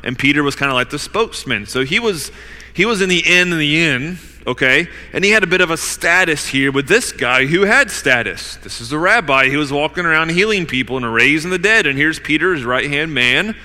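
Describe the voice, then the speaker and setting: Brief: male preacher, slightly high and very bright voice, casual and emphatic, long hall reverb. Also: lively intonation, fairly quick. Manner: conversational, emphatic, fills with "like" and "you know". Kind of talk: sermon.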